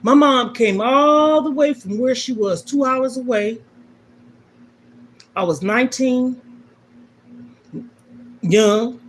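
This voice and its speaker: A middle-aged woman on a livestream talks slowly in a high-pitched voice, pausing often, with a little hiss or hum in the background. Her talk to viewers about her life is emotional and emphatic, with key points repeated as in a sermon.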